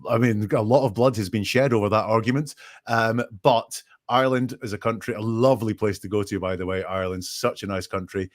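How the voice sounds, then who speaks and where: A man's voice: lowish voice, fairly even intonation, fairly quick. A man with a Scottish accent, a guest on a live stream, explaining things in a friendly way with many fillers. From Scotland. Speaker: guest commentator. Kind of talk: casual live-stream chat.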